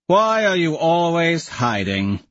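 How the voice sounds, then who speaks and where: A man's voice: fairly high pitch, sing-song, slow, a bit bright, dry recording, dull audio, voice pushed up, heavily acted. A man doing a smug, bellowing young noble. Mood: mocking. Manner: bellowing, sneering.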